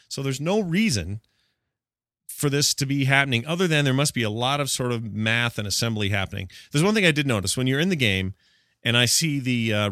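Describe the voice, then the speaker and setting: A man hosting a casual gaming news podcast, talking quickly with sarcastic asides. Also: mid-range voice, fairly bright tone, dry recording, studio quality. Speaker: podcast host.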